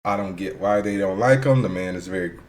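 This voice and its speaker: A man's voice: deep voice, a little fast. A man hosting his own podcast, talking casually and thinking aloud, with fillers and the odd curse. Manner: rambling and loose, thinks aloud with fillers and swearing; hyped, shouty intro. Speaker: podcast host. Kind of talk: casual solo podcast talk.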